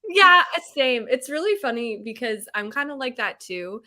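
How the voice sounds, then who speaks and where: Lively, bright-voiced young woman chatting. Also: on the high side, normal speed. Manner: bubbly, animated, laughs often. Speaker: podcast host. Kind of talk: casual chat.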